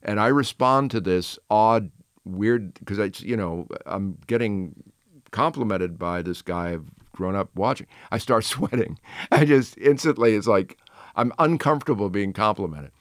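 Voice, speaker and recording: A man in his sixties tells chatty anecdotes with quick asides and restarts. His voice sits on the low side and sounds smooth and resonant. The recording is close and dry. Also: lively intonation, dry recording. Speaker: guest, television host. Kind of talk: casual storytelling interview.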